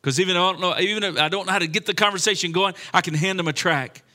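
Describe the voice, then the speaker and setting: A man's voice: sits high, rapid-fire, bright, forceful tone. A man preaching a sermon with impassioned delivery and frequent restarts. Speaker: pastor.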